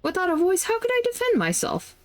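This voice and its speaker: A woman voicing a gentle, regal woman king who speaks in an affectionate, theatrical way. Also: extremely high pitch, huge pitch swings, a little fast, voice pushed up, full character voice. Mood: tender.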